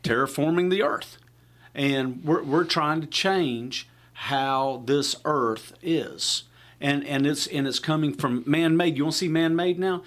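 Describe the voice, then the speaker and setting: A man's voice: on the high side, a little slow, a bit bright. Florida-accent radio guy, emphatic, rambly, keeps restarting his sentences. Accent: Florida Southern. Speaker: radio co-host. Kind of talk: casual talk radio chat.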